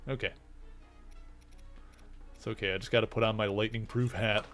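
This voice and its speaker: A man's voice: on the low side, fairly even intonation, normal speed, a bit bright, faint music behind. A man streaming a video game, chatting casually and playfully to his viewers and his cat. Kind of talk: casual gameplay commentary.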